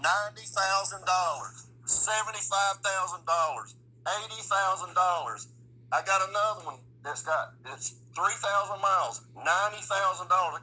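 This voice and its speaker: A man vents into his phone camera out on a residential street, blunt and cussing at every turn. His voice is husky and sits a bit high for a man, with a piercing, tense edge to it. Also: measured pace, sharp tone, rough recording. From Midland, US South. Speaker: vlogger. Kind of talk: angry profane rant to camera.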